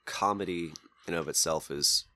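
A man co-hosting a podcast, speaking calmly and analytically, explaining his views in casual chat. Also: low voice, moderate pace, dry recording. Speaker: podcast co-host.

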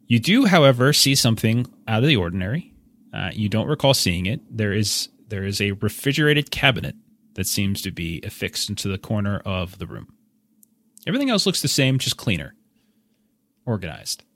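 Low-voiced man narrating as game master. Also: very animated, a bit bright. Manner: descriptive, halting restarts.

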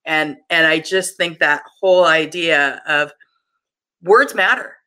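A middle-aged podcast host speaking in an earnest, measured and supportive way while leading a discussion. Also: mid-range voice, bright, forceful tone.

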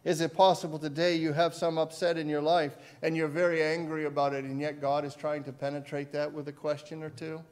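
A man preaching a sermon as pastor, swinging between loud emphasis and quiet asides and putting questions to his listeners. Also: on the high side, flat delivery, fairly quick, hardly any pauses. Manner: asks the congregation questions.

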